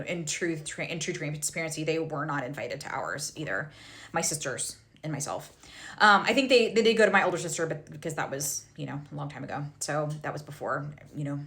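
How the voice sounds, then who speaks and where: A woman's voice: on the low side, fairly bright tone. A woman telling a personal story to her social media followers, frank and heated, with many fillers and self-corrections. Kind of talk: candid personal storytelling to camera.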